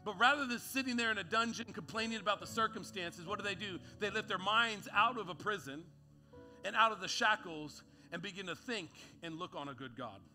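Bright, high-voiced male preacher. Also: brisk, faint music behind. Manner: preaching with rising intensity, acting out quotes. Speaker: pastor. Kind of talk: sermon.

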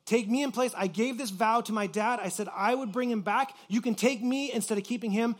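Guy preaching as a desperate brother begging a ruler, earnest, says the same thing over n over, kinda high voice. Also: brisk. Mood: resolute. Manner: earnest, repeating himself.

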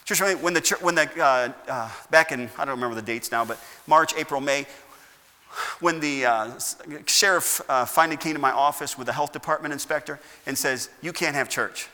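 Medium-pitched, brisk, bright and forceful, this American man preaches as pastor in a church sanctuary. He fires rhetorical questions and surges into emphatic bursts, captured with long church hall reverb.

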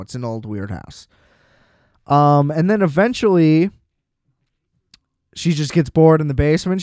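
A man's voice: a little high, darkish tone, smooth, no echo, studio quality. A man casually recapping a film plot in a loose, chatty way, full of "like" fillers and blunt swearing. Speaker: film reviewer.

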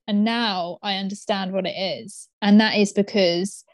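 A woman's voice: medium pitch, normal speed, no room sound. A woman co-hosting a podcast, speaking in an earnest, thoughtful, conversational way. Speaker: podcast co-host. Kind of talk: casual podcast chat.

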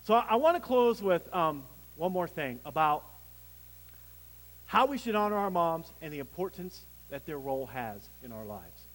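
A man preaching a sermon as pastor, swelling to emphatic peaks and dropping low, with some restarts. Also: very animated, moderate pace, in a large hall, rough recording.

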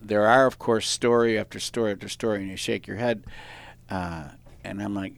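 A man's voice: fairly low pitch, lively intonation, normal speed, creaky. A middle-aged man hosting a podcast, chatting casually and telling rambling stories with many restarts. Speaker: podcast host. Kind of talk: casual interview chat.

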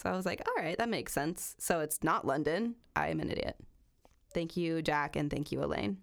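A woman with a slightly lower voice tells a story on a casual podcast. She rambles easily, laughing often and filling pauses with fillers as she goes. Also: creaky. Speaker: podcast co-host telling a true-crime story. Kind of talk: casual chat.

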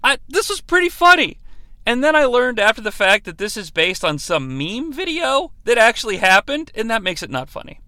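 A man's voice: very high-pitched, very animated, moderate pace, sharp tone, smooth, dry recording. A young adult man hosting a podcast, giving a sarcastic, profane comedic review of a movie and acting out lines from its scenes.

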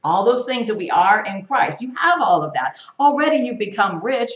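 A woman teaching a Bible study, reading scripture aloud with lively, emphatic stress. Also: medium pitch, moderate pace, lo-fi sound. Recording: echoey room.

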